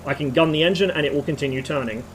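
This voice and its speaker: A slightly hoarse man streaming, giving a rambling technical rant with casual swearing. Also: a little high, very fast, slight background noise, poor audio.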